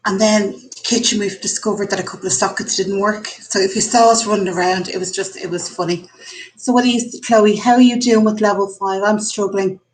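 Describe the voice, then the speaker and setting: A woman's voice: medium pitch, fairly even intonation, a little fast, low-quality recording. An Irish woman in her forties hosting a casual live stream from her kitchen, candid and chatty as she thinks aloud. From Ireland. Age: 40s. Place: home kitchen. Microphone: computer mic.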